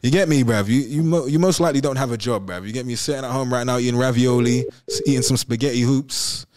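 A young man co-hosting a call-in show, slangy and quick, ending his lines with "bruv". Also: medium pitch, darkish tone. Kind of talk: casual banter.

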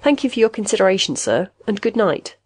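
Breezy, emphatic man with a secret murderous streak, voiced by a woman narrator in a storybook reading; higher and louder than her narration. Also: big pitch swings, a little fast, breathy edge.

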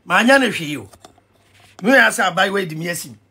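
A Ghanaian man ranting in an animated vlog commentary, excitable and mixing pidgin with Twi. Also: high-pitched, brisk, slightly rough. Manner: excitable, switching between pidgin and Twi, shouting and laughing. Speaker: vlogger.

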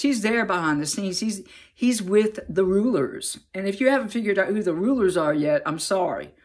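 A woman opening with a prayer, then sharing a heartfelt prophetic message in an earnest, halting way, with many restarts and ums. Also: fairly low pitch. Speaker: Christian prophetic speaker.

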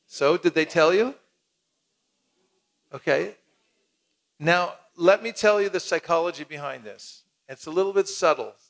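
Male seminar leader, slightly high voice, lively, acts out exchanges, coaxes the audience to repeat. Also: a little slow, creaky, long pauses. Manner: animated, acts out little dialogues, leads the crowd in repeating. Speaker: seminar teacher. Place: cultural center hall with audience.

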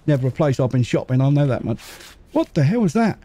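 A man casually commentating a game as he plays, muttering to himself and making quick jokes. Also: mid-range voice, very animated, dark tone. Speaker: gaming channel host. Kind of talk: casual let's-play commentary.

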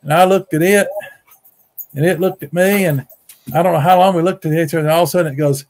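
A man's voice: on the high side, steady tone, quick pace, a little mellow. A middle-aged man, telling a story at home in a casual, folksy way, often repeating words and raising his voice for the quotes. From Mississippi. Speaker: guest storyteller, Bigfoot researcher. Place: home on a rural farm.

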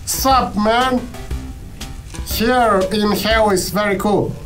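A laid-back fire demon from hell, as a man puts him on, friendly and full of slang. The voice is pitched high and drawls along slowly. Game music plays clearly behind it. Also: fairly even intonation, a bit bright, heavily acted.

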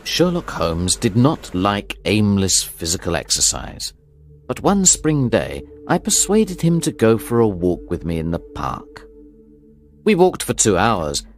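Deep, expressive male storybook narrator. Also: measured pace, soft background music. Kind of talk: storybook reading for learners.

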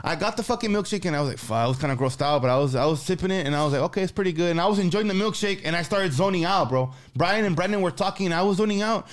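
High, lively man telling a profane story. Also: rapid-fire, few pauses. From San Antonio, Texas. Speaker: podcast co-host. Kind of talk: casual storytelling chat.

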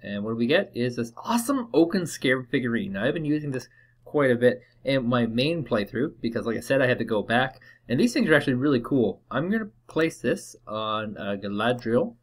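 Young guy rambling over gameplay, lots of ums, lively up and down voice. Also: mid-range voice, brisk. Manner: laid-back, rambling with many fillers. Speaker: gaming channel host. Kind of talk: casual game commentary.

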